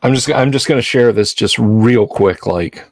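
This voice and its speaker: Man, livestream host, rambling jokey chat, mid pitch, dry close sound. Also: moderate pace, no room sound.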